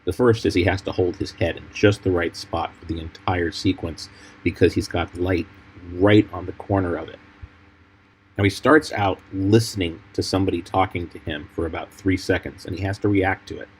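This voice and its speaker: A man, a film editor, giving measured, explanatory commentary over clips from a fan film. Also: deep voice, fairly even intonation, husky, low-quality recording.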